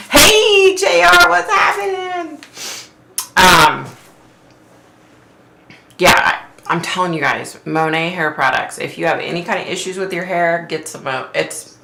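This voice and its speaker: A middle-aged woman hosting a casual live stream, giggling often and greeting viewers by name in high squeals. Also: gravelly, pushed and bright. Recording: roomy echo with faint noise.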